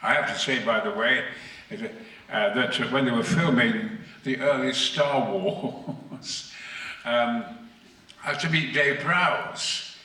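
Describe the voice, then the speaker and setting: Booming theatrical man in an echoey hall. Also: takes it slowly, sharp tone. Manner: booming, theatrical, acts out voices. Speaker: guest actor at a convention panel. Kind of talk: anecdotal storytelling to an audience. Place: convention hall stage. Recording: echoey hall, mic from far off.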